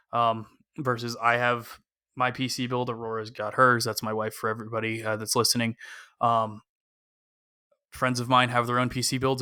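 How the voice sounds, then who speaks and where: A man's voice: mid-range voice, sharp tone, clean tone, no room sound, clean studio sound. A man talking casually on a gaming podcast, giving cautious, opinionated advice with frequent "um" fillers. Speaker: podcast co-host.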